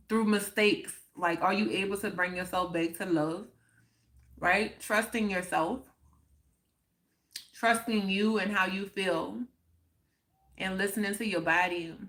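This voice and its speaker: Woman, live streamer, mid-pitched, slow and reflective, emotional with her viewers. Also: a bit bright. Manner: reflective, unhurried, peppered with "like" and "oh my goodness"; emotional, reacting to viewers' comments. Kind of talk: casual live stream chat.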